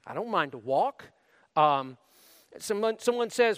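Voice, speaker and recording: Male pastor, high lively voice, earnest conversational sermon in a reverberant sanctuary. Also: a little slow, smooth. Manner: earnest, conversational preaching with frequent restarts. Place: church sanctuary. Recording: long hall reverb.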